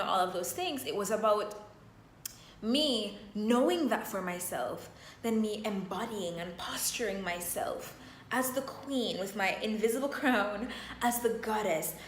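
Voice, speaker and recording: A woman's voice: mid-range voice, measured pace, reverberant, a little hiss or hum. A woman talking in a motivational vlog as a self-empowerment coach, stretching out her affirmations with emphasis.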